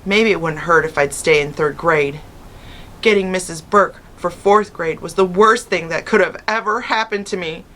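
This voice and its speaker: Woman reading a children's book aloud, bright voice. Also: lowish voice, moderate pace. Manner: expressive first-person narration. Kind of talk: storybook read-aloud.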